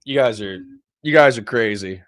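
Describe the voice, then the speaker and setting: A young man streaming live and reading out his chat, swearing and shooting back at viewers in a combative, mocking tone. His voice sits at an ordinary middle pitch for a man. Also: moderate pace, fairly bright tone. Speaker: streamer reacting to a political clip.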